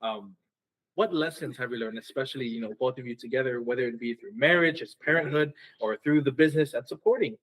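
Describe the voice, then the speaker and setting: A man's voice: medium pitch, fast talker, fairly bright tone, rough recording. A man hosting a live radio talk show in a studio, upbeat and laughing often as he wraps up. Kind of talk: casual live radio chat.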